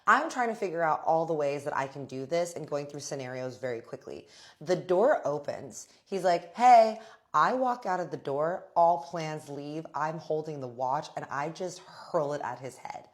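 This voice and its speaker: A woman's voice: deep voice, expressive, moderate pace. A woman hosting a storytime vlog, telling a dramatic personal story with vivid, profane language and calling her viewers y'all.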